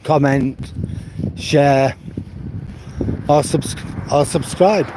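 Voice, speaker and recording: A man's voice: medium pitch, noisy background. A man, chatting casually on a live stream while walking outdoors along the coast. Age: 70s. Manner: unhurried rambling chat, answers viewers' comments.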